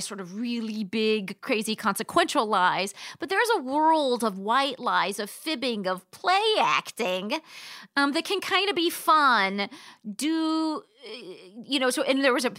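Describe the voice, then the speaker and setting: Chatty woman with a bright voice. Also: a little high, dry recording, clean studio sound. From Southern California. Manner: chatty, rambling with many restarts and fillers. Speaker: podcast host. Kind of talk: casual panel chat.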